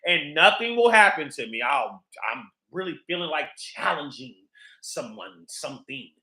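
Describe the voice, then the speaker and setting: A man's voice: a little high, sing-song, moderate pace, pushed and bright, roomy sound. A man hosting a livestream, ranting in a heated, profane, repetitive way. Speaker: livestream host.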